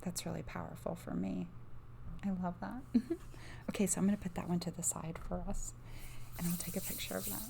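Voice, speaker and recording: Soft-spoken, gravelly woman doing ASMR card reading. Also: on the low side, fairly even intonation, a little fast, slight background noise. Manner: soft-spoken, slipping in and out of whispers; dreamy, enthusiastic, gushing. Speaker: oracle card reader and livestream host.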